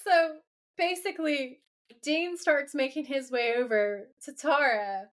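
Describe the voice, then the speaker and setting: Her voice sits high, and she takes her time. As a podcast co-host, she casually recaps a TV episode, animatedly retelling scenes by performing their quoted dialogue.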